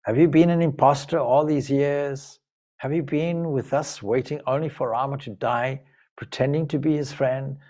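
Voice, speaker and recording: A man's voice: fairly even intonation, moderate pace, dark tone, natural voice. A man voicing a distraught young princess from an epic, pleading and then hurling accusations. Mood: furious. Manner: pleading, pitch rising high in agitation.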